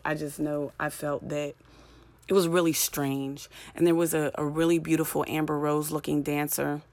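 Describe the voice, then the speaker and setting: A woman's voice: low voice, no echo. A young woman hosting a solo podcast late at night, tired and rambling, often trailing off and restarting. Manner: tired, rambling, self-interrupting. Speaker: podcast host.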